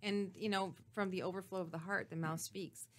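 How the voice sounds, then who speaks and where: A woman's voice: medium pitch, fairly even intonation, a little fast. A woman talk-show guest speaking emphatically and preaching, repeating her key phrases. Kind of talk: casual talk-show chat.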